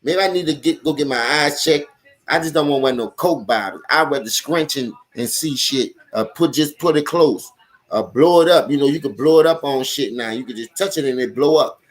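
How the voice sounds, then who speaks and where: At a brisk clip and medium pitch, a young New Orleans-accented live-stream host talks football. His rant is animated and profane, aimed straight at his viewers.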